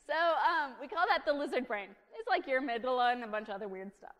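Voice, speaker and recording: A woman's voice: high-pitched, quick pace, few pauses. Chatty woman preaching in a reverberant church. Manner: chatty and humorous, lively asides. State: caffeinated, fast-talking. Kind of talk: conversational sermon. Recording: long reverb of a church hall.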